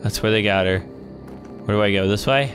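A young man giving let's play commentary on a horror game, excitable and swearing, yelling in panic when chased. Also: lowish voice, normal speed, soft background music. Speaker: gamer.

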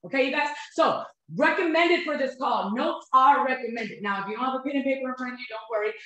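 A woman's voice: high voice, quick pace, a bit bright. A woman in her thirties, a nutrition coach giving an upbeat motivational webinar talk, often checking in with "you guys" and "right?". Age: 30s. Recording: very echoey room.

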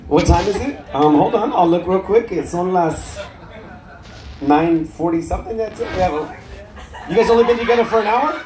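Profane high-voiced male stand-up comic. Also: moderate pace. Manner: profane, teasing, laughing at his own jokes. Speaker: stand-up comedian. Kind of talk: crowd-work stand-up. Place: cruise ship comedy club. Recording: echoey room, loud crowd laughter.

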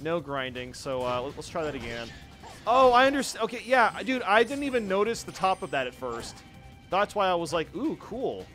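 An excitable young man talks through a video game with a high, bouncy voice that leaps all over the place. His tone is bright and sharp, and he breaks into yelps and laughs at the screen. Faint game music plays behind him. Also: normal speed. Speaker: gaming YouTuber. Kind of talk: casual let's play commentary.

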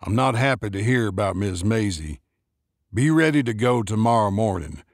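A man doing Leon, a gruff, dangerous older man. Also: on the low side, lively intonation, moderate pace, no room sound, clean studio sound. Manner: curt, clipped orders. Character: gruff, short-tempered older man, low and menacing.

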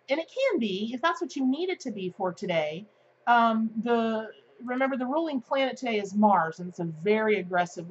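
A bubbly, excitable woman talks her viewers through a daily tarot card pick in a chatty way, with plenty of filler words. Her voice sits a little high. The recording is a bit dull and lo-fi. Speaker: tarot reader. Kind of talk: daily tarot reading to camera.

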